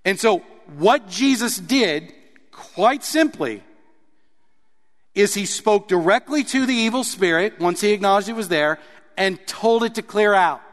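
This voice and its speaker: Animated preaching man in reverberant hall. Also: high-pitched, a little slow. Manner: animated preaching, reading scripture aloud. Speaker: pastor. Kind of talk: sermon.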